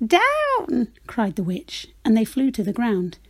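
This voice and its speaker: A woman reading a rhyming children's picture book aloud, with a rhythmic, expressive delivery. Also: medium pitch, moderate pace, husky, dry recording. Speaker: storyteller.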